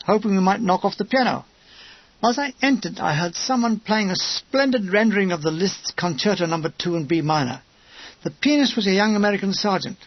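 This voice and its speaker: A man's voice: high-pitched, no room sound. Wry male memoir narrator, dull dry sound. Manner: wry, comic storytelling. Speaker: audiobook narrator.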